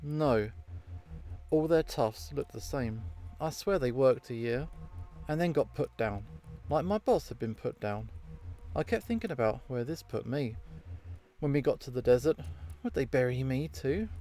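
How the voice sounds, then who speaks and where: A man's voice: medium pitch, expressive, unhurried, warm tone, soft background music. Vera, a man reading a blunt noir casino woman. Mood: grim. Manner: dry, clipped noir storytelling. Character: hard-boiled 1950s casino woman, smoky and blunt.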